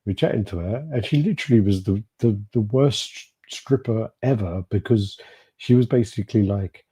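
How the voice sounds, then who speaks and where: A man's voice: on the low side, moderate pace, mellow, husky. A man co-hosting a podcast, telling rambling stories in casual chat, swearing freely and laughing often. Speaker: podcast co-host.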